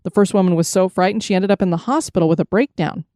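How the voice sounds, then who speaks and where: A woman podcast host reading ghost stories in a measured, steady narration. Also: medium pitch, no echo, studio quality. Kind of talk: storytelling narration.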